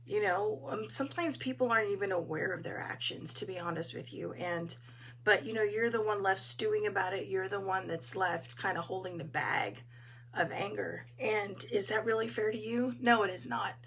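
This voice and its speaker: A woman hosting a casual live talk, her voice hoarse as she chats in an encouraging way and greets viewers. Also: medium pitch, normal speed, a bit bright. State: hoarse, clearing her throat. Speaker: host.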